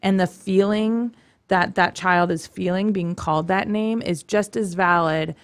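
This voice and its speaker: A woman's voice: fairly low pitch, steady tone, a little slow, no echo. A woman guest on a talk show, speaking about the topic in an earnest, reflective way. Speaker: guest from a youth commission. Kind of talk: casual talk show chat.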